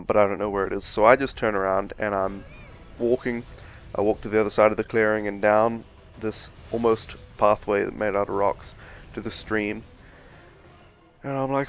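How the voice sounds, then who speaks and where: Low-voiced man rambling through a story. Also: clean tone, dry recording. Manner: loose, filler-heavy storytelling with lots of "like" and "um". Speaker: let's play commentator. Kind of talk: rambling dream story told over gameplay.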